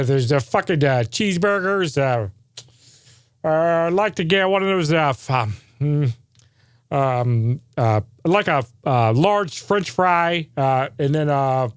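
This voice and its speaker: A man's voice: on the high side, animated, takes it slowly, clear, resonant tone, no echo, studio quality. A man voicing a bumbling male drive-thru customer who mumbles his order through endless ums and uhs and swears. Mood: fumbling.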